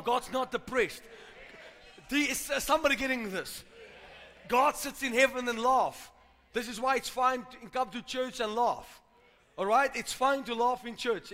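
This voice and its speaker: A man's voice: high voice, pushed and bright. A man preaching a sermon in a church, emphatic and repetitive, calling out to the congregation. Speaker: pastor. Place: church hall. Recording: reverberant church hall.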